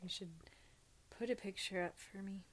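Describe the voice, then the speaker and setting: A woman's voice: medium pitch, steady tone, moderate pace. A woman co-hosting a casual podcast and reading out listener mail. She is playful and teasing, laughs often, and has a cough that leaves her short of breath. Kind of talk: casual chat.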